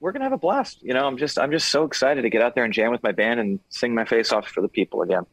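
A man's voice: mid-range voice, animated, fast, fairly bright tone, dry recording, rough recording. A man from Los Angeles, a singer and actor being interviewed over a video call, talking casually with many fillers and restarts.

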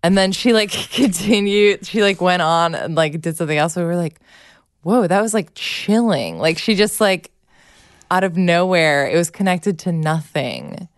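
A woman's voice: fairly low pitch, moderate pace, clean tone, no echo, clean studio sound. A woman in her thirties, a mother chatting casually on a podcast and telling stories about her kids. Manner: chatty, many "like" fillers, laughs often. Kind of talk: casual chat.

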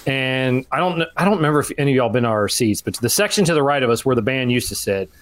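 A man telling a long, profane story in casual chat, animated and ranting, and he raises his voice when he quotes people. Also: medium pitch, very fast. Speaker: podcast co-host.

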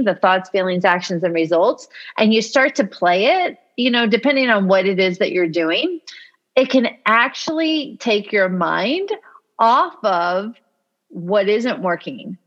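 Reflective woman, slightly dull recording. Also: mid-range voice. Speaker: podcast co-host. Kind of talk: casual motivational chat.

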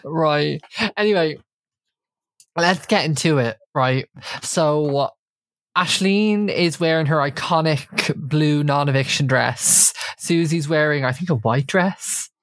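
A woman's voice: deep voice, slow, dry recording. A woman hosting a podcast, recapping a reality show in casual chat and acting out quotes. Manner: animated storyteller, acts out quotes.

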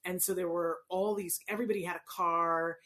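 Her fairly low voice moves briskly as she tells casual stories about play and children on the autism spectrum. A middle-aged parent educator on autism, she's animated and acts out voices in her anecdotes.

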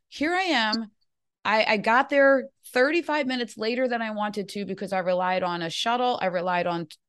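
A woman's voice: fairly high pitch, a bit bright. A woman host in casual conversation, earnestly telling a personal story.

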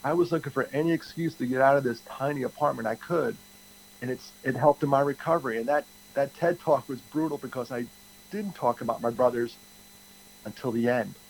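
A middle-aged man at a mid pitch talks openly through an interview answer, looping back and restarting phrases as he goes. His account comes across as unpolished and personal, with a faint hum behind him. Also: fairly quick, vocal fry, low-quality recording. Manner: candid, rambling with frequent restarts. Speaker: guest, TED speaker.

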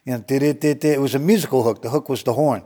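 Animated man telling a story, swearing. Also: mid-range voice, rapid-fire, big-room sound. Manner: animated, acts out quotes, laughs often, swears freely. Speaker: guest storyteller. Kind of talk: casual storytelling interview.

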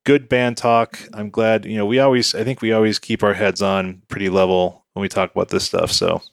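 A man with a low voice hosts a podcast conversation, hedging and circling around his points. The sound is dry and close, with no room tone. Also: level tone, a little fast, gravelly, no echo. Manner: rambling, hedging, frequent fillers. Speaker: podcast host. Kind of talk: casual podcast chat.

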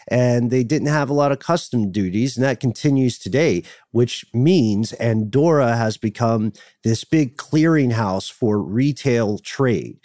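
A man of medium pitch talks in a joking, lively way, breaking into laughs between points. It sounds like a relaxed podcast conversation, recorded close and dry with no room echo. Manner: jokey, animated, laughs often. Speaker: podcast co-host. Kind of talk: casual chat.

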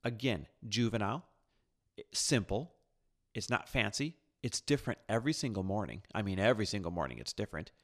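Upbeat man with a gravelly voice. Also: on the low side, expressive, brisk, a bit bright. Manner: upbeat, emphatic, conversational. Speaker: motivational video host. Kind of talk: motivational self-help talk.

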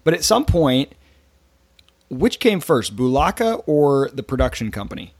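Relaxed male podcast host, dry sound. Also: medium pitch, a little slow, no echo. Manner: relaxed, recaps and prompts the guest. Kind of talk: casual interview.

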